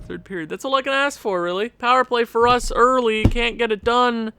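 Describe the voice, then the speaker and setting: A man's voice: extremely high pitch, steady tone, moderate pace, sharp tone, slight background noise. A young man giving casual gameplay commentary as a video creator, ranting in exasperation at the game with sighs and rueful laughs.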